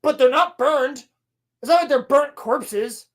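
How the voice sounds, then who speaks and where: High-voiced woman ranting sarcastically. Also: a little slow. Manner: sarcastic, swears a lot, acts out scenes in voices. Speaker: podcast co-host. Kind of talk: casual ranting recap.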